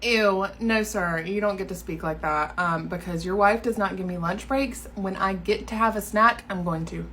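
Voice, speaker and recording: A woman's voice: medium pitch, moderate pace, hardly any pauses, sharp tone, slight background noise. Sassy sarcastic young woman. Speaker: comedy skit creator. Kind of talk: comedy sketch about workplace.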